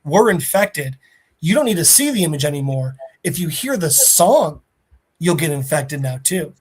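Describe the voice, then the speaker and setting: A man's voice: a little high, very animated, moderate pace, slight background noise. A man voicing a panicked male scientist, delivering urgent, grim warnings in a comic retelling.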